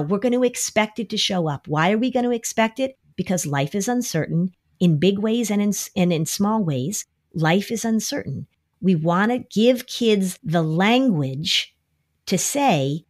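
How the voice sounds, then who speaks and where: A middle-aged woman giving anxiety advice on a podcast, explaining her points and acting out quoted lines with lively shifts in voice. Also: medium pitch, moderate pace. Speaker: anxiety expert.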